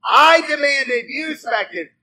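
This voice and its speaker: A man preaching a sermon, chatty and animated, asking his listeners questions and moving between loud dramatic reading and soft asides. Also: extremely high pitch, slow, rough recording. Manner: animated, conversational, asks the congregation questions.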